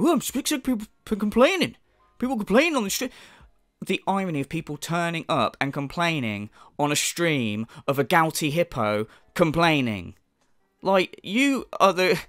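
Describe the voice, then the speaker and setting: A man's voice: fairly high pitch, a bit bright, dry recording, studio quality. A man ranting in sneering, profane commentary as a channel host.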